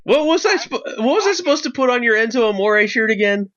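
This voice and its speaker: A man hosting a casual podcast chat, loose and easygoing and quick to laugh. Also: extremely high pitch, big pitch swings, fairly bright tone. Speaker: podcast host. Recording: dull lo-fi mic.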